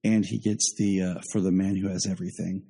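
A man's voice: deep voice, flat delivery, fairly quick, gravelly, mellow, breathy edge, long reverb tail. A man hosting a podcast in casual chat, sharing opinions and thinking aloud with small repeats. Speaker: podcast host.

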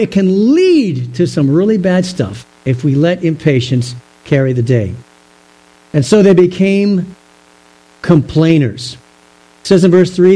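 A man preaching a sermon, explaining a Bible passage in a measured way and asking the listeners rhetorical questions. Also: high voice, mellow, rough recording. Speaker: pastor.

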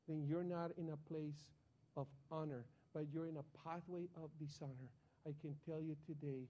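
Brief: man, sermon with personal storytelling, high voice, lively and excitable. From Colombia. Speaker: preacher.

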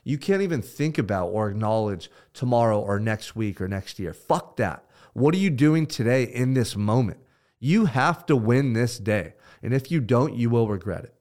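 A man hosting a podcast, giving an intense, emphatic motivational pep talk with blunt swearing. He swings between loud pushes and low, hushed stretches. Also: animated, moderate pace, few pauses. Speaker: podcast host.

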